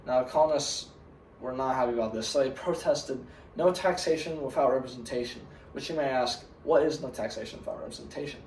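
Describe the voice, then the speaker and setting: A man's voice: mid-range voice, brisk, a little mellow, a little hiss or hum. A man giving a school history presentation as a pretend museum guide, earnest and starting sentence after sentence with "now". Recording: roomy sound from a distant mic.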